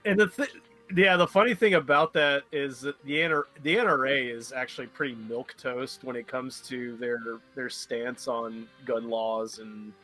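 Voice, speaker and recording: A man's voice: mid-range voice, fairly even intonation, moderate pace, sharp tone, faint music behind. A man, co-hosting a casual podcast, joking and opinionated. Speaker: podcast co-host. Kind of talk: casual chat.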